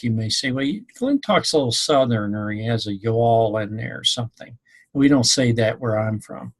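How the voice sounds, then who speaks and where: An instructor from Missouri, USA, gives his students an informal recorded class talk, rambling conversationally with many ums. His voice is medium-pitched with a breathy edge.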